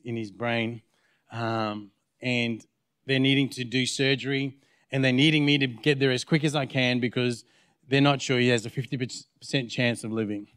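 Australian pastor telling a sermon story. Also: male voice, mid-range voice, fairly bright tone, clean tone, dry recording, clean studio sound. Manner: storytelling, acting out both sides of conversations. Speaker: guest pastor. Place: church.

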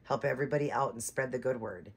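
A woman's voice: rumbling low, quick pace, slightly rough. A woman hosting her channel, chatting casually and rambling, with many fillers and restarts. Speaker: doll-collecting channel host. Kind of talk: casual chat.

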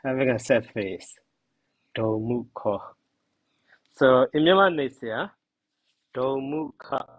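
Calm man teaching grammar slowly. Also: medium pitch, no room sound, lo-fi sound. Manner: slow, repeats terms and glosses them. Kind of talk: classroom grammar lesson.

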